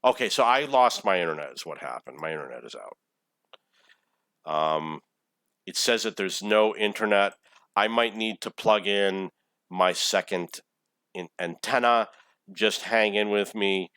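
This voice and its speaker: A man's voice: on the low side, measured pace, pauses often, fairly bright tone, clean tone, no room sound. A man in his forties giving casual, rambling commentary over his own gameplay replay, swearing often when irritated. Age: 40s. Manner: rambling, profane, easily irritated.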